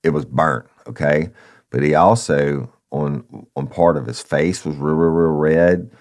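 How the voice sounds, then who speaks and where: A man's voice: rumbling low, steady tone, measured pace, darkish tone. A man, a former police officer telling a story casually, calling listeners "y'all" and swearing freely.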